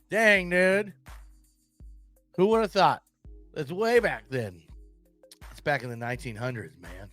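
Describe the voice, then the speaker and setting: A man hosting a solo podcast in casual, excitable chat, swearing and using slang. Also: a little high, a little slow, long pauses, no room sound, soft background music. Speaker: podcast host. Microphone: desk mic, screen-sharing.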